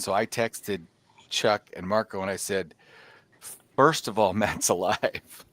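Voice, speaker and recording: Low-voiced guy telling a story on a podcast, acting out texts, really animated. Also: slow pace, a little hiss or hum. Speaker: podcast co-host. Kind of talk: casual chat.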